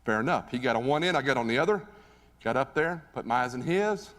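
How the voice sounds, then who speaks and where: A man giving a live motivational speech on stage, telling a story in an animated, conversational way and asking the audience questions. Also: medium pitch, fast. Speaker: motivational keynote speaker. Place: stage in a large hall. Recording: reverberant hall recording.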